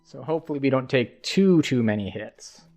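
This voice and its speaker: A man's voice: mid-range voice, lively intonation, moderate pace, a little mellow, soft background music. A man streaming a game, casually thinking aloud as he plays. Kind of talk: casual gameplay commentary.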